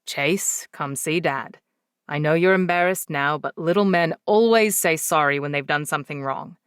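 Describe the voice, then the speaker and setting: A woman reading the part of a patient single father in an audiobook, speaking calmly and soothingly but firmly. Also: low-pitched, moderate pace, smooth, dry recording, studio quality, close to an everyday voice. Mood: gently firm. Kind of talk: audiobook character voice.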